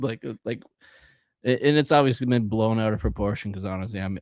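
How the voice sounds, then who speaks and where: A man's voice: fairly low pitch, fairly quick, a little mellow, no room sound. A young man co-hosting a casual podcast chat, rambling and acting out quotes in silly voices. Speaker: podcast co-host.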